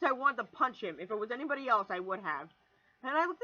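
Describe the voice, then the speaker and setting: A young woman in her twenties telling a rambling, animated story on her vlog, swearing freely and restarting sentences as she goes. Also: a little high, fast, highs cut off. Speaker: vlogger.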